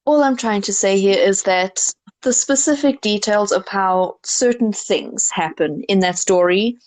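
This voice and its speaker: A woman's voice: medium pitch, unhurried. A woman co-hosting a podcast in casual chat, explaining at length in an earnest way with many fillers. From South Africa. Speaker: podcast co-host.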